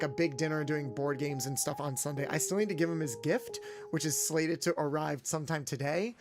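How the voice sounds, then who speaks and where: Young male VTuber, casual and animated, light mechanic-persona patter, soft music bed. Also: a little high. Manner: chatty, animated, in-character garage mechanic patter. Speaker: VTuber streamer. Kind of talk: casual livestream chat.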